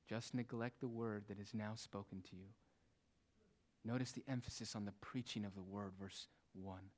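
A man preaching a sermon, asking rhetorical questions and dropping in casual asides as he explains the text. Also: on the low side. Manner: emphatic, rhetorical questions, shifts between loud and hushed delivery.

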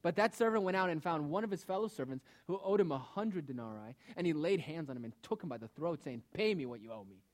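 A man preaching a sermon who speaks with emphasis, asks pointed rhetorical questions and lets his phrases trail off softly. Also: on the high side, lively intonation, fast, hardly any pauses.

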